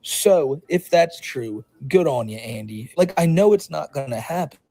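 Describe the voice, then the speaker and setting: Husky-voiced man in blunt podcast commentary. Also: fairly high pitch, animated, unhurried, warm tone, poor audio. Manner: blunt, rambling, sarcastic. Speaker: podcast co-host. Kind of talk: casual commentary.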